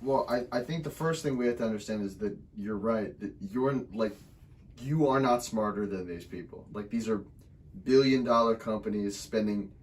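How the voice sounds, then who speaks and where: A man's voice: on the low side, normal speed, far from the mic. A young man in college, a guest on a podcast, talking casually with lots of filler words. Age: young adult. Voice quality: relaxed, frequent "like" fillers.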